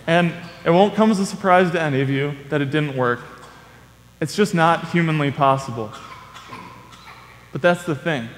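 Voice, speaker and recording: A young man preaching a sermon with a slightly high voice, telling stories in a relaxed, conversational way and acting out lively quotes. His voice carries a long reverb, as in a large hall. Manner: conversational storytelling with playful acted quotes.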